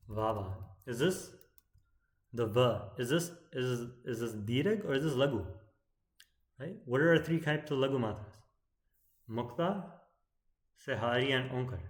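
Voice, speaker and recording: A man teaching poetic meter in an explanatory lecture, often checking in with "right?" and chanting verse lines slowly. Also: medium pitch, echoey room. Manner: keeps asking "right?" as he explains.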